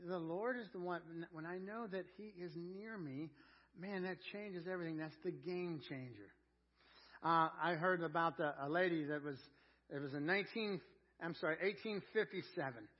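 Earnest preaching man, lo-fi sound. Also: moderate pace. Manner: earnest preaching, dropping to a hushed low voice, rising loud on key words. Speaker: pastor. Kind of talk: sermon.

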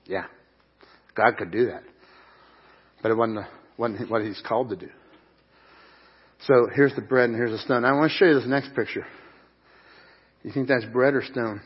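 A man's voice: mid-range voice, normal speed, pauses often, husky, lo-fi sound. A middle-aged man preaching a sermon at a church service, earnest and emphatic, with repeated phrases. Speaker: pastor.

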